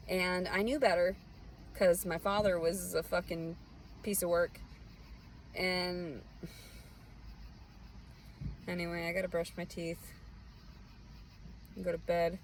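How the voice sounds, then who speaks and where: A young woman rants on and on, swearing hard and sounding bitter. Her voice sits a little low, and a faint hum of background noise runs under it. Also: level tone, slow, pauses often, rough recording. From Southern US. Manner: angry, profane and bitter. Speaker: vlogger. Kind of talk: rambling personal vent.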